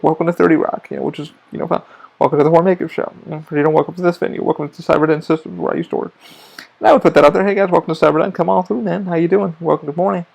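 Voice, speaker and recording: A man with a rough, crackling fry in a voice that sits a little high hosts his own podcast. He rambles loosely about theme park work, dropping curses and restarting his sentences as he goes. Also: darkish tone. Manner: profane, rambling, restarts often. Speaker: podcast host. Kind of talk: rambling casual monologue.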